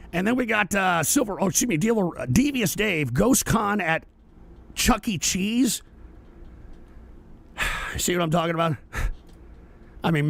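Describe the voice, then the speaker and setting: A high-voiced male livestream host who rants with wild swings in pitch, swearing and shouting at his audience. His voice is gravelly, recorded close and dry. He breaks off the tirade to thank viewers for their donations. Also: no echo. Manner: profane, shouting, sarcastic rant; reads viewer donations aloud. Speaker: political talk show host. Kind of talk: livestream rant.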